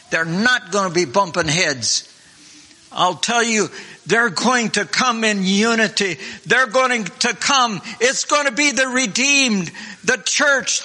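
A man preaching a sermon in a fervent, repetitive way, clearing his throat now and then. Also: sits high, sharp tone. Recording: long hall reverb.

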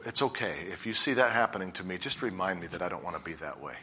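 A middle-aged man preaching a sermon with personal stories, earnest and slowing down to stress key points. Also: low-pitched, pushed and bright, slightly rough.

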